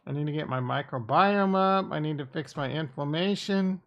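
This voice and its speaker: The sound is lo-fi as a crypto streamer, voice fairly high and pace moderate, talks casually on his stream. He mutters blunt, sarcastic and profane remarks to himself into a microphone on his desk.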